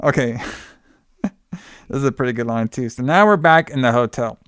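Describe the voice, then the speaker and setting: A man recapping a movie in casual chat, animated, laughing and swearing often. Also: mid-range voice, moderate pace, clean tone, no room sound, studio quality.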